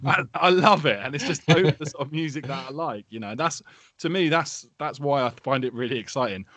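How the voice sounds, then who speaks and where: A man's voice: fairly high pitch, animated, a little fast, a bit bright, no echo. A man co-hosting a podcast, chatting casually with a rambling, enthusiastic, sweary manner. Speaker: podcast co-host.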